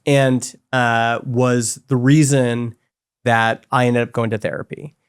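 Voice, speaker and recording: A man's voice: mid-range voice, little pitch movement, slow, smooth. Man, forties, interview guest, candid, chatty, storytelling, casual fillers. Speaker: guest, software company co-founder.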